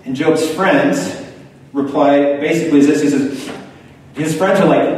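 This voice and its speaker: A man's voice: a little high, measured pace, a little hiss or hum. Man preaching in an echoey hall. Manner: conversational, animated when quoting others. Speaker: pastor. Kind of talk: sermon. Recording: echoey hall, far from the mic.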